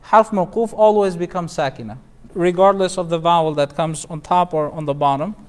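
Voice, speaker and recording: A man's voice: fairly high pitch, moderate pace. A man, an imam, teaching a Quran recitation class, patiently explaining rules, quizzing students and chanting the verses melodically.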